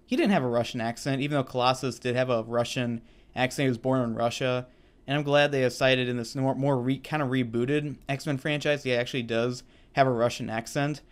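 A man's voice: medium pitch, fairly even intonation, a little fast, clear, resonant tone. A man in casual, unscripted conversation, rambling and enthusiastic as he reviews a film, laughing often. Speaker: co-host reviewer.

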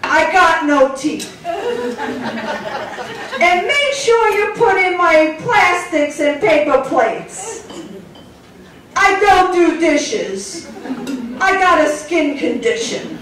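A woman playing a blunt older woman phoning in an order, listing her demands in a loud, flat, matter-of-fact voice. She is heard from far off in an echoey club. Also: extremely high pitch, slow, long pauses, a faint crowd, pitched above the performer's own voice, full character voice.

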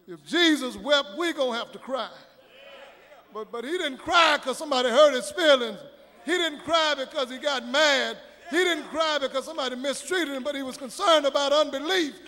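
A man preaching a sermon, swelling into shouted, sing-song preaching cadence, with a gravelly voice. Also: extremely high pitch. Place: church sanctuary. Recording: reverberant church hall with faint congregation.

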